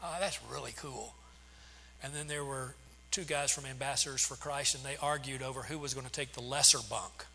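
A man's voice: mid-range voice, fairly even intonation, a little fast, creaky, bright, forceful tone. A man in his sixties preaching a sermon, telling stories with frequent restarts and fillers. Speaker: pastor. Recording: long hall reverb, faint hum.

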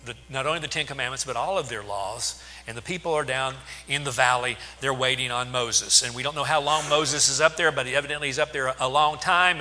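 A man's voice: medium pitch, bright, forceful tone, long reverb tail. A man preaching a sermon, retelling scripture in plain words with restarts and asides.

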